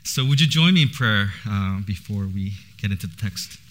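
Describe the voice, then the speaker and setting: A man's voice: lowish voice, expressive, moderate pace, fairly bright tone. A man in his thirties preaching in church, casual and chatty, with a lot of laughter. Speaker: pastor. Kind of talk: sermon with personal stories.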